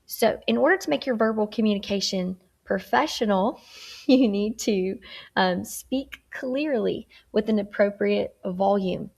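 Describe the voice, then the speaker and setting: Woman instructor with a gravelly edge, chatty, keeps asking "okay?" while she teaches a lesson. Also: mid-range voice, measured pace, darkish tone. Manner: acts out tone examples. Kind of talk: recorded workplace skills lesson.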